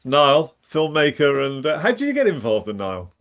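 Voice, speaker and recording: A man hosting a podcast, briskly moving the talk along and bringing in a guest. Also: a little high, wildly swooping pitch, a bit bright. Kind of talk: hosting chat.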